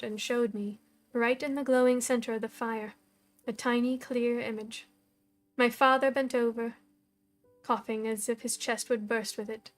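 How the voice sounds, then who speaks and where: A woman narrates a story for her stream audience, calm and measured. Her voice sits on the high side. A faint guitar plays behind her. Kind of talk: story reading on a live stream.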